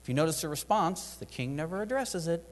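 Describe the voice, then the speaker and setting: A man delivers a sermon in a church hall, his fairly high voice swinging widely in pitch. He slips in and out of acted prayers and dialogue with real animation. A long hall reverb trails every phrase. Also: animated, a little fast. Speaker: preacher.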